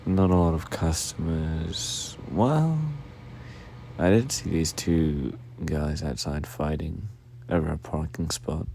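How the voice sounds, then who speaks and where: A young man in a whispered role-play as a tired, sweet boyfriend, yawning, giggling and talking slowly. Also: rumbling low, gravelly, mellow, slight background noise. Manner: sleepy, yawning, affectionate and giggly.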